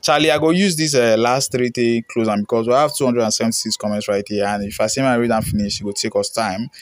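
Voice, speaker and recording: Brief: young Ghanaian man, mid-pitched, dry close-mic read, casual reaction host with pidgin asides. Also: steady tone, fast talker, dry recording. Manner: chatty, slips into pidgin, reads comments aloud. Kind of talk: casual reaction commentary, reading comments.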